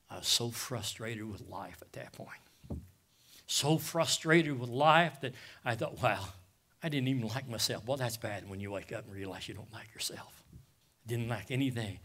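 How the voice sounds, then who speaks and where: A middle-aged man preaching a sermon, moving between hushed, nearly whispered testimony and loud impassioned passages, calling out to the congregation with "Amen?" and "guys.". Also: fairly low pitch, unhurried. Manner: addresses listeners as "guys" with call-outs of "Amen?". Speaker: pastor.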